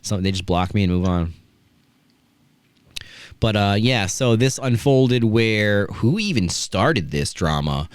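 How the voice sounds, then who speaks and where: Low-voiced ranting male podcast host. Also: expressive, slow, long pauses, clear, resonant tone, no room sound. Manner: profane, ranting, does mocking impressions. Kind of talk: casual wrestling podcast chat.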